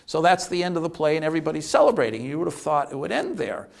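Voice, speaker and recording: A man lecturing, telling a play's story in a lively, rambling way. His voice sits high for a man and carries a gravelly fry. He often restarts sentences and fills pauses. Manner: animated storyteller with frequent fillers and restarts. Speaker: economics lecturer. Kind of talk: lecture retelling a play.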